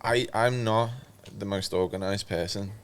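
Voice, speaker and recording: Man, very low voice, podcast guest, casual, rambling, repeats words. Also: fairly even intonation, unhurried, slight background noise. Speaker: guest musician.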